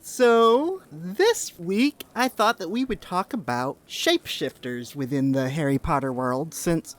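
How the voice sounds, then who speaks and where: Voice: mid-range voice, lively intonation, unhurried. A podcast host leading a casual chat, talking in an earnest, rambling way and often restarting words.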